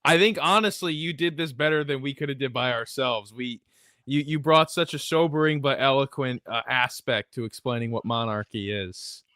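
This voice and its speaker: A young man hosting a chat, enthusiastic and quick to laugh. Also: medium pitch, pushed and bright, no echo, clean studio sound. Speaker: podcast host. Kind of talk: casual chat.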